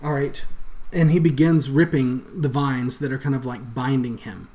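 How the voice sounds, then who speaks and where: A man running a tabletop game as game master, describing scenes and explaining rules in a relaxed way. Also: medium pitch, normal speed.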